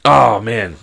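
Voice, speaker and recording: Rambling, animated young man telling stories. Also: medium pitch, gravelly, breathy edge. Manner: rambling, swears a lot, mimics friends. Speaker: podcast co-host. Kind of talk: casual chat, storytelling.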